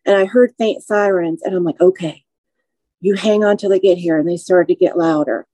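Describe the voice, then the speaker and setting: A woman in her forties, a podcast guest, telling her personal story slowly and with emotion. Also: fairly low pitch, mellow, no echo, poor audio. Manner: measured, slow, emotional recounting.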